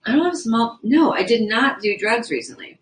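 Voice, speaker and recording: A woman's voice: fairly high pitch, very animated, moderate pace, rough recording. A young woman livestreaming, chatting casually and rambling as she reads viewer comments aloud from indoors. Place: indoors at a house.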